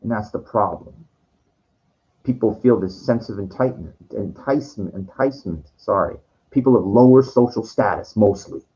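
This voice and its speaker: A man's voice: on the low side, moderate pace, mellow, highs cut off. A man talking in a rambling monologue, full of restarts and swearing, sometimes acting out what others said. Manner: quoting others in acted voices. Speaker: streamer.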